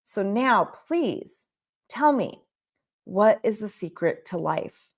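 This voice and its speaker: A man's voice: high-pitched, animated, slow, vocal fry, exaggerated voice. A woman voicing an eager pleading student. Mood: puzzled. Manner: pleading, then exasperated. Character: eager male student seeking a teacher.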